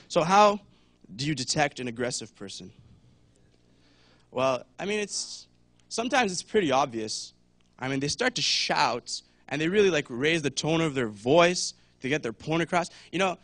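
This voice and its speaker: A man's voice: fairly high pitch, animated, normal speed, fairly bright tone, no echo. A young man giving a casual talk at church, chatty, with many fillers, and acting out voices now and then. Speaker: church speaker.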